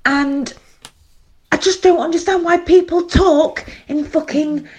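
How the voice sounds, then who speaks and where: A woman's voice: very high-pitched, fairly even intonation, slow pace, a little mellow. A woman venting angrily in a voice note sent to a podcast, swearing as she goes. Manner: angry, swearing rant. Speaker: listener sending a voice note. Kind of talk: recorded rant.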